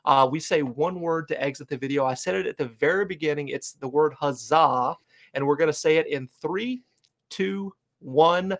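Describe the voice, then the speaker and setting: A man's voice: on the high side, fairly even intonation, brisk. A man hosting a casual fan podcast, upbeat and hype-driven, with lots of fillers and restarts. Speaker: podcast host. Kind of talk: casual fan-show chat.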